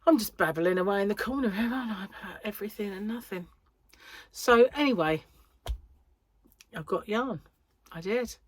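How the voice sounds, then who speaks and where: A woman's voice: medium pitch, expressive, moderate pace, long pauses, no room sound. A British woman rambling in casual chat to camera as a crochet vlogger, talking from a corner of her home. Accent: British English. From United Kingdom. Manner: rambling, chatty, self-interrupting. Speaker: crochet vlogger and yarn shop owner.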